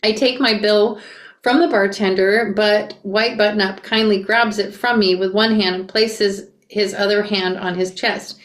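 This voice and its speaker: A woman reading a memoir aloud and breaking off for quick asides and self-corrections. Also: mid-range voice, fairly even intonation. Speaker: reader reacting to a memoir. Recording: roomy echo.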